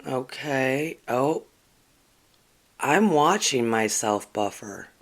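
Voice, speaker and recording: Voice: medium pitch, expressive, extremely slow. A spiritual channel host on a casual livestream, reading oracle cards and chatting earnestly to viewers, with lots of ums and restarts. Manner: rambling, with frequent ums and restarts.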